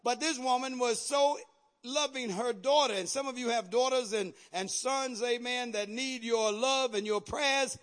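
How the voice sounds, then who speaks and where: A male pastor preaching a sermon with fiery energy, shouting at the peaks and dropping in repeated amens. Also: very high voice, measured pace.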